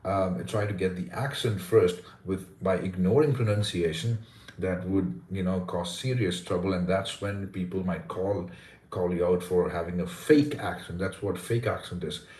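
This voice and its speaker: A man's voice: sits low, normal speed, a little mellow. A man who teaches pronunciation, explaining earnestly during a live question-and-answer lesson. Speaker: pronunciation teacher and content creator. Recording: roomy echo.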